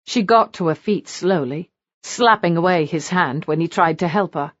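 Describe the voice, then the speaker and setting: A woman narrating a historical romance audiobook in an expressive, animated reading style. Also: fairly low pitch, normal speed, dry recording, lo-fi sound.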